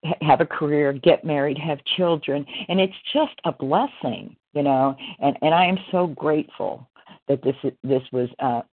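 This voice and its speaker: A woman's voice: low voice, normal speed. A woman in her sixties sharing at a recovery meeting over a video call, rambling and heartfelt with many "you know" fillers. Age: 60s. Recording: tinny phone-like line.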